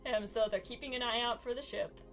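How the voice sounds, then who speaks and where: A woman with a fairly high voice casually retells a story while she plays a game, lively and giggly, often breaking into laughter. Faint music plays behind her. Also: a little fast.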